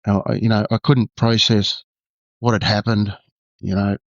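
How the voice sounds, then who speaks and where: An Australian man, a former undercover detective, tells his story candidly in a halting way full of restarts and fillers. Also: fairly low pitch, little pitch movement, no echo, highs cut off.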